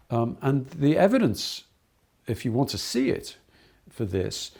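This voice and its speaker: A man's voice: on the low side, vocal fry, mellow. A middle-aged man giving an earnest lecture to trainee teachers, telling anecdotes with many fillers and restarts.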